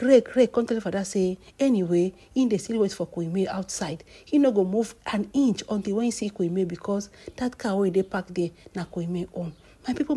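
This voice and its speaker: A Nigerian-accented woman runs a celebrity gossip vlog, her voice slightly high, mellow and husky. She talks in exclamatory bursts and keeps turning to her viewers. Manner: exclamatory, addresses viewers as "my people". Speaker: gossip vlogger.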